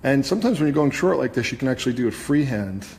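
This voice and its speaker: Talking fast and animatedly, a hairstylist host in a hair salon studio explains every step of a live haircut as he works. His medium-pitched voice is darkish, with slight background noise, long reverb, and faint ambience in the echoey room.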